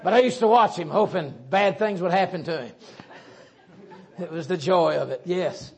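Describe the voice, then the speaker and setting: A middle-aged man with a Southern US accent preaching a sermon in a folksy, joking, animated way. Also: high voice, normal speed, slightly rough. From Southern United States.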